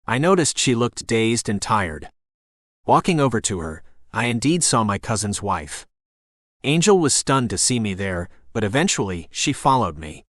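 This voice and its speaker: A man narrating a first-person novel as an audiobook in a steady storytelling voice. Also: medium pitch, dry recording, clean studio sound.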